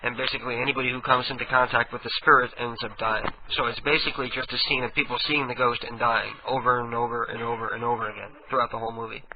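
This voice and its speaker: A man's voice: medium pitch, level tone, racing, hardly any pauses. A man hosting a radio show, chatting casually and rambling with many restarts. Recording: tinny phone-like radio audio with faint hiss.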